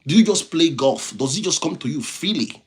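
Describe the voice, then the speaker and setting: Speaking a little fast in a slightly high, expressive voice, a man with a non-native English accent hosts a motivational livestream. His message comes in repeated phrases, and he stops to read viewer comments and thank people by name.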